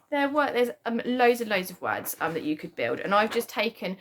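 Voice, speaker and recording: A woman's voice: mid-range voice, a bit bright, slight background noise. A woman teaching a children's spelling lesson from home, talking in a chatty way with many "um"s and "kind of"s. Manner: chatty, lots of "um" and "kind of" fillers. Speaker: primary school teacher.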